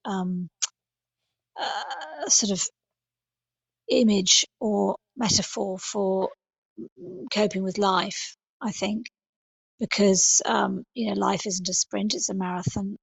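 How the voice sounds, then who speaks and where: A middle-aged woman, a podcast guest, talking in a thoughtful, halting way with many fillers and restarts. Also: mid-range voice, gravelly, husky, no echo. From England. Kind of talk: podcast interview.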